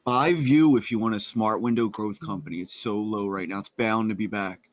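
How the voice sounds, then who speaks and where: A man's voice: lowish voice, normal speed, no echo. A man in a casual group voice chat about stocks, talking bluntly and rambling, with plenty of swearing, over a computer mic. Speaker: Discord voice chat participant.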